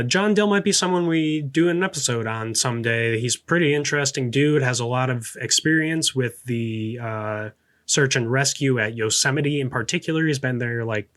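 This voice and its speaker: A man's voice: medium pitch, fairly bright tone. Man reading a script, stumbling often. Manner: stumbles over words and restarts, mutters asides to himself; breaks off into casual off-script commentary. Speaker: podcast host. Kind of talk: reading a true-story podcast script.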